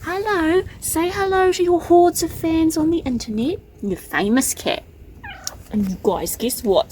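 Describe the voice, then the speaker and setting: A woman chatting casually in a vlog as she wanders her garden, rambling on and sometimes cooing at her pets in a high sing-song voice. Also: darkish tone, rough recording. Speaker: vlogger. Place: outdoors in a garden. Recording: outdoor noise with passing vehicles.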